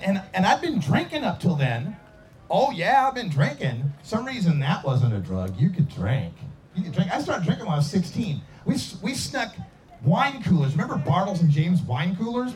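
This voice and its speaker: A man in his forties telling a rambling personal story in a casual way, acting out voices and sound effects as he goes. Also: sits high. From Idaho.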